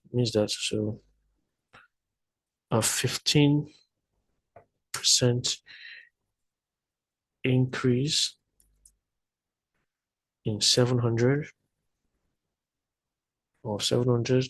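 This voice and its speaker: A man's voice: mid-range voice, steady tone, extremely slow, pauses often, husky, no echo, poor audio. A man tutoring math, working through problems step by step while thinking aloud, with frequent hesitations and self-corrections.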